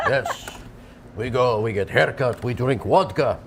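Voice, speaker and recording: A man's voice: mid-range voice, measured pace, noisy background, natural voice. A man putting on a mock Russian accent for a joke, speaking in clipped, broken phrases. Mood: boastful.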